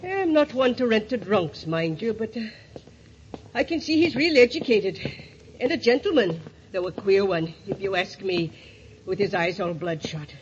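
A woman's voice: medium pitch, expressive, normal speed, lightly acted. A woman plays a gossipy landlady who chatters on and sounds suspicious. The recording is dull and lo-fi, with faint hiss and clicks. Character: nosy, gossipy boarding-house landlady. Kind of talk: 1940s radio acting. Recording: dull lo-fi old radio recording.

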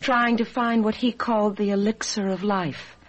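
A woman's voice: mid-range voice, fairly even intonation, normal speed, natural voice. An actress playing a haunted, ageless young woman in a vintage radio drama, speaking earnestly and pleadingly.

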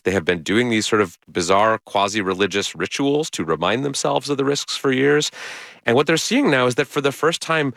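A middle-aged man, a journalist and author, giving measured, earnest explanations as a guest in a radio interview. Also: fairly low pitch, gravelly, a bit bright, no room sound.

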